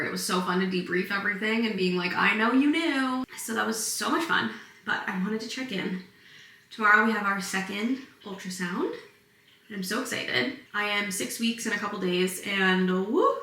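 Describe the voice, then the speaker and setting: A bright-voiced young woman chats through a home vlog, giggling as she tells stories. She sounds tired and a little short of breath. Her voice carries room echo from a camera placed a bit away. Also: medium pitch, normal speed. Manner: chatty, bubbly, giggly storytelling. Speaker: vlogger. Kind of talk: casual pregnancy vlog chat. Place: home, indoors. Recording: echoey room, mic a bit far.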